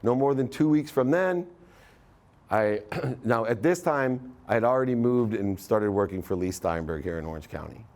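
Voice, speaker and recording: A man's voice: mid-range voice, animated, normal speed, a little mellow. A middle-aged man giving a live motivational talk, storytelling and acting out the voices in his story. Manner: storytelling, acts out quoted dialogue. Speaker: motivational speaker.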